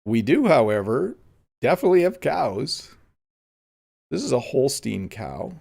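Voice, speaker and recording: A man's voice: medium pitch, big pitch swings, a little slow, gravelly, darkish tone, slightly rough. A middle-aged man from Canada, an English teacher chatting casually through a live-streamed lesson while he plays a game and answers viewers.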